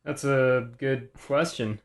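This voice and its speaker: Gravelly-voiced podcast co-host. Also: male voice, mid-range voice, fairly even intonation, slow pace. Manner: laid-back, joking, asks questions. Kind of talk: casual podcast chat.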